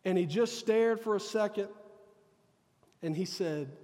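A pastor speaks with a fairly high voice, telling a personal story in a sermon. He acts out quoted dialogue with earnest feeling. His voice carries the long reverb of a large church. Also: measured pace, darkish tone. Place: church sanctuary.

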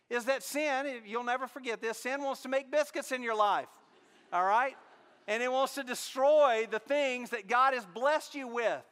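Male pastor, humorous storyteller; high, bright voice ringing through a reverberant sanctuary. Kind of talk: sermon.

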